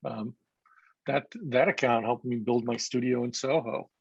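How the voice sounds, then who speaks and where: A man's voice: mid-range voice, little pitch movement, normal speed, creaky, breathy edge, dry recording. A man, a photographer, reminiscing in casual chat over a video call, reflective and chatty. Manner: reflective, chatty, with small restarts. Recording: dull, dry lo-fi audio.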